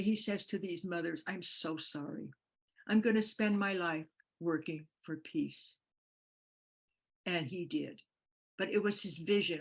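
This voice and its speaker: An older woman giving a motivational speech, telling stories with passion and acting out the voices of the people in them. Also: on the low side. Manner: passionate storytelling, acts out quoted voices. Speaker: guest speaker on peace.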